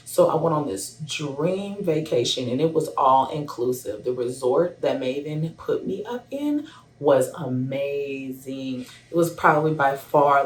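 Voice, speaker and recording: A woman in her thirties, a hairstylist, telling a personal story to camera in a casual, animated way. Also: very deep voice. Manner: animated, acts out both sides of a phone call. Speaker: hairstylist sharing a testimonial. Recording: echoey room, voice a bit far from the mic.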